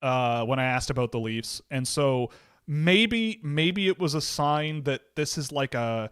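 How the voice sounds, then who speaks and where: A man's voice: fairly high pitch, expressive, a little slow, fairly bright tone, smooth, no echo, clean studio sound. A young man co-hosting a casual hockey chat show, rambling through anecdotes and often cutting himself off mid-sentence. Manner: rambling, storytelling, self-interrupting. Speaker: podcast co-host.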